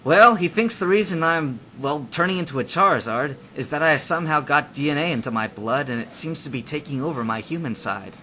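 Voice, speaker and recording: A man's voice: a little high, fairly quick, few pauses, bright, forceful tone, slight background noise, voice pushed up. A man voicing a boisterous, teasing teenage boy who is turning into a dragon. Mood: serious.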